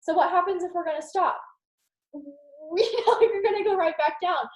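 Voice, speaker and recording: A young woman giving a casual, rambling motivational talk to her team on a video call, animated and full of "like". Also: very high-pitched, normal speed. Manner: animated, rambling, heavy use of "like". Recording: roomy echo.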